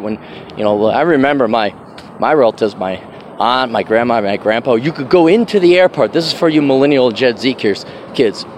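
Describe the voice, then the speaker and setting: A man's voice: fairly high pitch, darkish tone, a little hiss or hum. A man hosting a podcast, talking in a brash, sarcastic, ranting monologue. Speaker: podcast host. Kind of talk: casual monologue.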